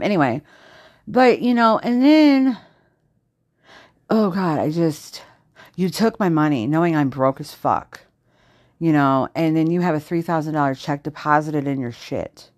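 A woman with a low, darkish voice and lively intonation hosts her own unedited solo podcast, venting in a profane rant that swings abruptly between exasperation and sarcasm, with heavy swearing. The recording is dry and studio quality.

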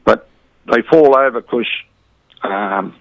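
A man's voice: medium pitch, takes it slowly, creaky, no room sound, dull audio. A middle-aged Australian man chatting casually as an interview guest, rambling a little and dropping "mate" into nearly every sentence. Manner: rambling, says "mate" constantly, blokey banter. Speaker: boxing community volunteer, interview guest.

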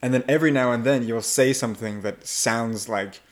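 A man's voice: mid-range voice, fairly quick. A man working as an English accent coach, explaining and demonstrating pronunciation in a casual podcast conversation.

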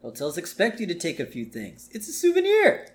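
A man's voice: high-pitched, wildly swooping pitch, fairly quick, pitched above the performer's own voice, full character voice. A man doing an oafish, whiny cartoon dad. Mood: defensive.

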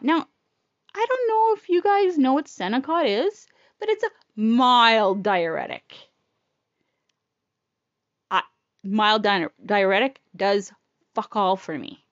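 A woman's voice: fairly high pitch, lively intonation, slow pace, long pauses, no room sound, dull audio. A woman telling a personal story in a casual, blunt, profane and emotional way.

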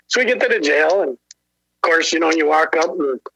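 A man's voice: on the high side, brisk, vocal fry, slightly rough, rough recording. A man telling a story casually, swearing freely, laughing often and acting out the other people's lines. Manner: profane, animated, laughs often, acts out quotes.

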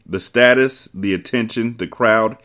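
A man with a fairly low voice reads a gritty novel aloud for his podcast. He steps out of the book now and then to react with loud, profane asides. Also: measured pace. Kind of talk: novel reading with casual commentary.

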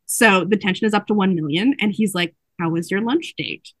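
A woman hosting a casual podcast chat, recapping a book in animated storytelling and acting out the characters' lines. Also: mid-range voice, fairly quick, no echo.

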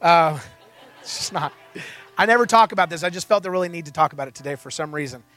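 Animated high-voiced male preacher. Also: quick pace, no echo, faint music behind. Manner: animated storyteller acting out dialogue. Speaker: pastor. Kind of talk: sermon storytelling.

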